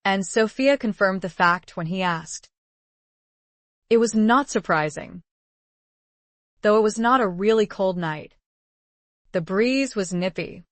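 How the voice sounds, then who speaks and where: A woman narrates an audiobook in a calm, measured voice of middling pitch. The recording is dry and close, without any room sound. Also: dry recording. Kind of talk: scripted narration of a romance novel.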